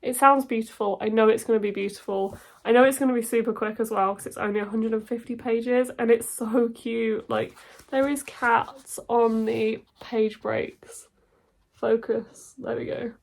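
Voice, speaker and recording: A young woman with a head cold talks about her reading plans to camera. Her voice sits a touch high and sounds nasal and bunged up. She gushes with excitement in a loose, chatty way. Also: moderate pace, gravelly. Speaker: book YouTuber. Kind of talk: casual book chat to camera.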